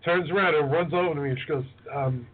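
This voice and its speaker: Animated storytelling man, tinny audio. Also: a little high, fast talker. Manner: animated anecdote-teller, acts out voices. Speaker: podcast co-host, chef. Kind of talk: casual chat. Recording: tinny phone-like sound.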